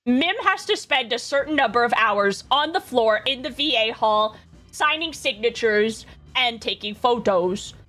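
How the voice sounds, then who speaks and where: A woman streamer from Canada chatting with chaotic, excitable energy and plenty of swearing. Her voice sits high and bright and swings widely in pitch. Faint music plays in the background. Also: a little slow. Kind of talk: casual chat.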